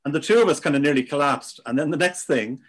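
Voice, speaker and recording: A man's voice: a little high, quick pace. A man hosting an interview, affable and given to telling anecdotes. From Ireland. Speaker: podcast host. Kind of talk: casual interview chat.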